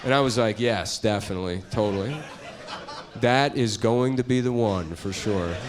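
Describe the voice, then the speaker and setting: A man doing a stand-up comedy set on stage before a live audience, talking in a crude, deadpan way and slipping into mocking voices. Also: mid-range voice, normal speed, a crowd in the background.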